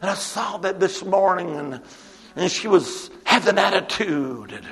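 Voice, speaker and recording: A man preaching a sermon, telling stories with repeated refrains and swinging from booming calls to hushed near-whispers. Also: expressive, normal speed, creaky, slightly rough, big-room sound. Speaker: pastor. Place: church sanctuary.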